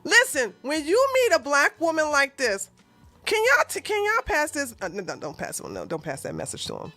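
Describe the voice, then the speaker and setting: A woman giving sarcastic, profane reaction commentary, breaking into loud laughter and shouts. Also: sits high, huge pitch swings, moderate pace, no echo, soft background music.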